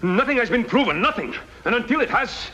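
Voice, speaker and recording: An indignant loyal official. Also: male voice, on the high side, big pitch swings, fast. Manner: indignant, protesting. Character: indignant official loyal to his president, man. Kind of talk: 1950s radio drama acting. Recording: dull noisy old radio recording.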